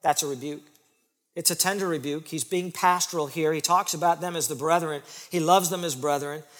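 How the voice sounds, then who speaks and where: Man, pastor, sermon, high-pitched, emphatic, repeats lines for stress, echoing sanctuary. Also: steady tone, fairly quick. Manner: emphatic, repeats phrases for stress, swings from loud to soft.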